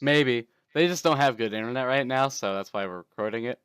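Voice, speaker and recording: Bright-voiced male game master. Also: mid-range voice, brisk, clean tone, dry recording. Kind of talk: narrating a tabletop game.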